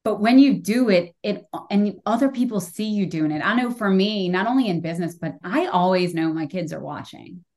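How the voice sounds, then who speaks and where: A woman's voice: mid-range voice, expressive, normal speed, few pauses, darkish tone. Frank woman in her forties hosting a podcast. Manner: frank, swears casually, emphatic. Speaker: podcast host. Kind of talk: casual conversation.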